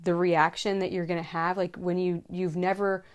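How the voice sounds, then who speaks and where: A woman's voice: on the low side, level tone, moderate pace, dull audio. Earnest, emphatic woman in her thirties. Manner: earnest and emphatic, repeating key points. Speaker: mom vlogger giving safety tips. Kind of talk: casual direct-to-camera advice.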